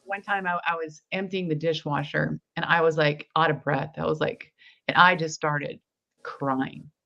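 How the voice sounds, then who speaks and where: A low-voiced woman, speaking at normal speed with a steady, sharp tone and some vocal fry, is an interview guest sharing a personal story. She tells it earnestly in conversation and acts out the dialogue. The lo-fi recording sounds slightly dull.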